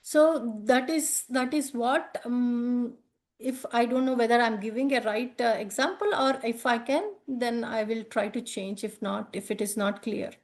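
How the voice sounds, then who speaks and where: A woman's voice: on the high side, steady tone, a little slow. A woman teaching a healing session, explaining earnestly and often repeating and rephrasing herself as she goes. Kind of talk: explaining during a live session.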